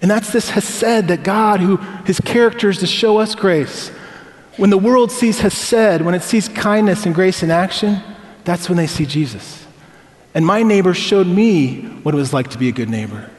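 Male pastor, slightly high voice, chatty story-driven preaching, long hall echo from the sanctuary. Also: normal speed. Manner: conversational storytelling with personal anecdotes. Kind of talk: sermon.

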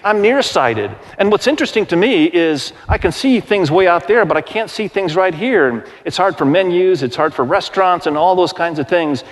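A man in his forties preaching a sermon to his congregation, telling stories in a conversational, animated way and asking the crowd questions. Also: high-pitched, moderate pace, hardly any pauses. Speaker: pastor. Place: large church auditorium. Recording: long hall reverb.

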